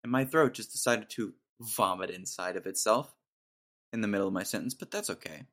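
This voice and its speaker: A man's voice: fairly low pitch, fairly quick, fairly bright tone. A young man hosting a solo podcast, ranting in an exasperated, mocking way and laughing at his own jokes. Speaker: podcast host. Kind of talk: casual solo podcast rant.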